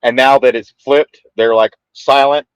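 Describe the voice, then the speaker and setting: A man co-hosting a casual political chat, talking in an animated, slangy, joking way. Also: mid-range voice, a little slow, clean tone, no room sound, rough recording. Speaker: co-host.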